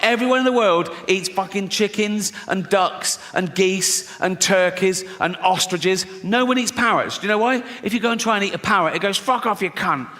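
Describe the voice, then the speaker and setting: A man's voice: high voice, moderate pace, few pauses, slight background noise. Male comic, profane and mocking, live on a theatre stage with a long echo. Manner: profane, mocking, laughs at his own jokes. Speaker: stand-up comedian. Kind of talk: stand-up routine. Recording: live hall with loud crowd laughter.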